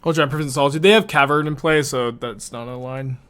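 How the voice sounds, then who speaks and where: A man streaming a card game, talking casually at a middle pitch. He reasons through each play aloud in a loose, chatty way. Every so often he turns to answer questions from his viewers. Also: a little fast, fairly bright tone, clean tone. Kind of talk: casual live-stream gameplay commentary.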